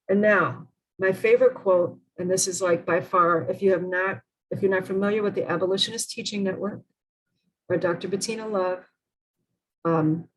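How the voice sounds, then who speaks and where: A woman's voice: lowish voice, poor audio. A woman presenting an online workshop over a video call, earnest and emphatic, often asking the group questions.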